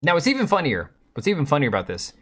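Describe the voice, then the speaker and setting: Racing along with huge pitch swings, this man has a slightly rough, fairly bright voice pitched a little high. He hosts a casual live stream, mocking the clips he reacts to with sarcasm while chatting with viewers and his cat.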